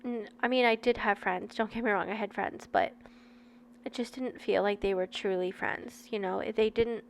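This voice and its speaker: A woman's voice: mid-range voice, steady tone, normal speed, slight background noise. A woman in her thirties reading a book aloud and breaking off into candid, chatty personal asides to her viewers. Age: 30s.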